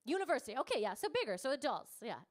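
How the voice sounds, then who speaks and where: A woman's voice: sits high, very animated, racing. A woman in her thirties doing stand-up comedy, brash and teasing the crowd, swearing freely. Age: 30s. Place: comedy club stage before a live audience.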